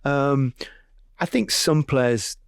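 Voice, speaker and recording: A man hosting a casual chat, telling stories in a relaxed way and laughing easily. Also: mid-range voice, extremely slow, creaky, smooth, no echo, clean studio sound. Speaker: podcast host.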